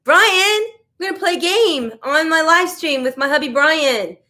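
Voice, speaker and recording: A woman's voice: high-pitched, animated, a little slow, pushed and bright. Chatty American woman hosting a livestream. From United States. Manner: chatty and rambling, reacting to viewer comments. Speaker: livestream host. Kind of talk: casual live-stream chat.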